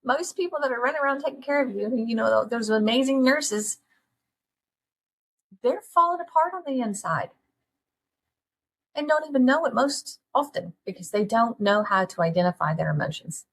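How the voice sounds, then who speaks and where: A middle-aged woman, hosting a candid solo talk and speaking to listeners in an earnest, folksy, animated way. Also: fairly high pitch, normal speed, husky. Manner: earnest, folksy, animated, with laughs and direct questions to the audience. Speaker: podcast host.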